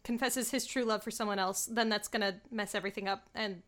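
A woman's voice: mid-range voice, steady tone, fairly quick, a bit bright. A young woman in casual chat, reacting with enthusiasm and emotion as she talks through a movie with a friend.

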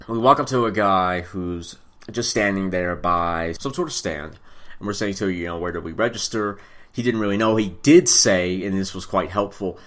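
Young adult male storyteller, mid-range voice with a very lively pitch, chatty and digressive. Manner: rambling, self-correcting, animated asides. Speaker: storyteller recounting a trip. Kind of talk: casual storytelling monologue.

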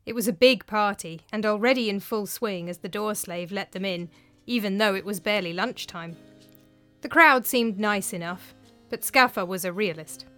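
A woman's voice: medium pitch, normal speed. A woman narrating a storybook tale expressively. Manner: expressive, animated. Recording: faint background music.

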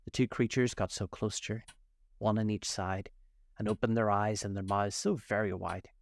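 A man reading a classic storybook aloud as a storyteller, with expressive narration. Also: fairly low pitch, moderate pace, vocal fry, no echo.

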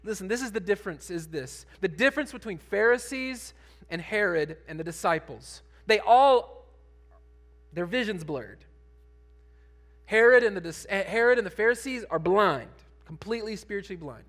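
A man pastor preaching a sermon, conversational at times and building to emphatic, animated preaching. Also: high voice, moderate pace.

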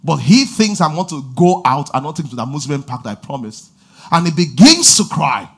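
A man preaching a lively sermon, shouting call-and-response lines and laughing between stories. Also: on the high side, brisk, slightly rough. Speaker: pastor.

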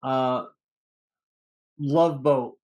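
The speaker is a male podcast co-host with a mid-range voice who draws out his words. He chats and rambles animatedly about an old movie in a casual review, cursing casually now and then.

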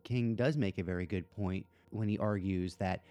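A man's voice: deep voice, normal speed, mellow. A man hosting a podcast, chatting casually about a book and rambling through his points with lots of fillers and restarts. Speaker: podcast host.

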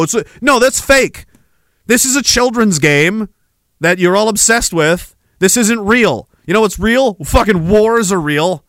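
A man with a fairly high voice delivers a heated, swearing rant as a podcast host. He sneers and mocks as he goes. The recording is close and dry, with no room sound. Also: expressive, measured pace, fairly bright tone, no echo. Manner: heated, swearing, mocking and sarcastic. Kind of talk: profane ranting monologue.

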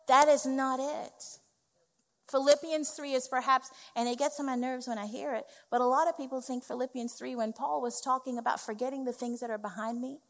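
A woman's voice: sits high, fairly even intonation, fairly quick, a bit bright. A woman executive pastor preaching a sermon, emphatic and conversational, often checking in with "okay", recorded in a church sanctuary. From West Indies family. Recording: long hall reverb.

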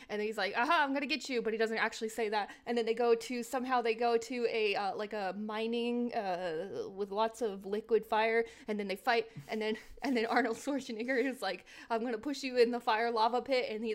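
Rambling, deadpan woman podcast co-host. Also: on the high side. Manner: rambling, deadpan, plays quoted lines. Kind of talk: casual podcast chat.

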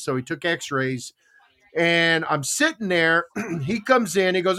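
A man's voice: on the high side, expressive, moderate pace, pushed and bright. An older man hosting a morning show, telling a long personal story and acting out what other people said. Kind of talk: casual chat. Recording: internet radio show.

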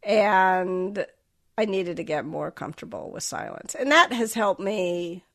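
A woman's voice: mid-range voice, animated, a little slow, fairly bright tone. A middle-aged woman raised in the American South, her Southern accent long gone, answers interview questions candidly. She circles back on herself, restarts phrases and pokes fun at herself. Her voice sits in an ordinary middle register. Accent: General American, Southern accent dropped. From Southern United States. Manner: reflective, self-deprecating, restarts often. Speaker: author and guest.

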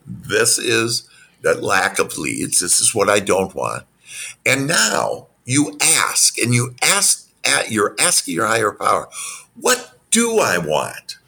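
Male business coach, very low and gravelly, bright-edged, motivational interview answers. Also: slow. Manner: animated, acts out quoted dialogue in a higher voice; spiritual self-help phrasing.

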